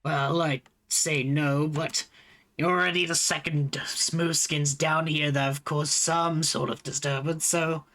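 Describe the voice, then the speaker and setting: A man doing a gruff sewer mutant man. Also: fairly high pitch, flat delivery, measured pace, sharp tone. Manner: coarse, blunt, slangy. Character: gruff male sewer mutant with tendril arm.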